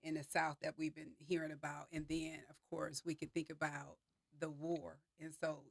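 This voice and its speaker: A woman hosts a relaxed discussion, talking in a somewhat low voice with a lot of animation, filler words and laughter. The sound is close and dry, with no room echo. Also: normal speed, vocal fry. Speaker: discussion host. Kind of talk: casual group discussion.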